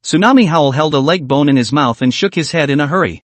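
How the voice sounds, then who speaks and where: A man narrating a manhua recap in a plain, steady storytelling manner. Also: fairly high pitch, fast, no echo.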